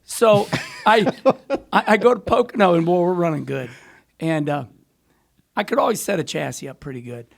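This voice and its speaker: Middle-aged guy, high raspy voice, rambling animated stories, laughs a lot. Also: moderate pace. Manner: animated, rambling storyteller who laughs often. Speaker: podcast guest, former racer. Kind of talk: storytelling in casual chat.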